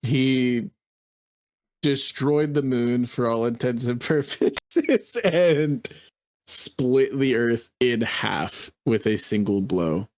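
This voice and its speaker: A man's voice: medium pitch, slow, a little mellow, no echo. A young man chatting casually about anime, enthusiastic and slangy, with frequent restarts. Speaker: anime reviewer. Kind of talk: casual podcast chat.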